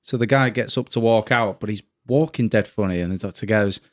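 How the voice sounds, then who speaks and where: A man's voice: lowish voice, brisk. A laid-back man co-hosting a comedy podcast, telling a joke in casual chat. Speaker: podcast co-host.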